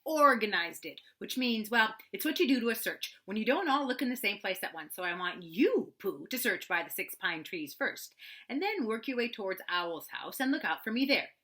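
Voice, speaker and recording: A woman's voice: medium pitch, sing-song, moderate pace, fairly bright tone, voice pushed up. A woman voicing a fussy, self-important male rabbit with a bossy way of talking.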